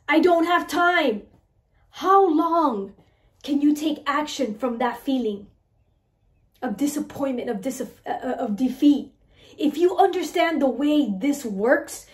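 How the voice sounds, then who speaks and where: A woman coaching her listeners on mindset, talking in an animated way and asking "right?" again and again. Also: high-pitched, roomy sound. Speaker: mindset and weight-loss coach. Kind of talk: motivational talk to listeners.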